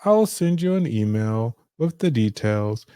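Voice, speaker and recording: A man voicing a courteous credit card phone receptionist in a put-on deep voice. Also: very animated, a little slow, warm tone, clear, resonant tone, no room sound. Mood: polite.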